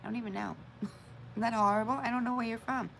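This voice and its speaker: A woman's voice: fairly high pitch, fairly even intonation, brisk, creaky, a bit bright, slight background noise, poor audio. A woman hosting a casual live stream, chatting with viewers and greeting them by name, often laughing at her own forgetfulness. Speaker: livestream host.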